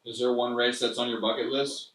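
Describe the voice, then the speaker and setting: A man's voice: mid-range voice, little pitch movement, fairly quick, a bit bright, far from the mic. A man asking interview questions, often stumbling and restarting his sentences. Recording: roomy, off-mic.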